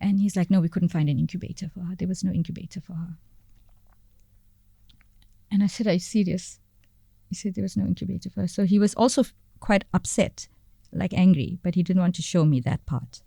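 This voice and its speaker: Woman, low mellow voice. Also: gravelly, husky, no echo, studio quality. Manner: halting, searching for words, repeating phrases. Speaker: podcast guest. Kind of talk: personal story in a podcast interview.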